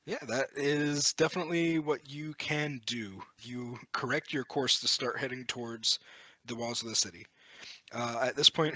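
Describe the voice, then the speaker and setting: A man narrates as game master, describing scenes and calling for dice rolls with relaxed good humor. His voice is bright, the sound is dry, and he has the pace of an easy storyteller. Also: medium pitch, no room sound.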